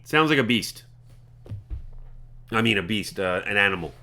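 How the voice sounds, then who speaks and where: Bright-voiced man running a tabletop game. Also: fairly low pitch, lively intonation. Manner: halting, filler-heavy narration. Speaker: dungeon master.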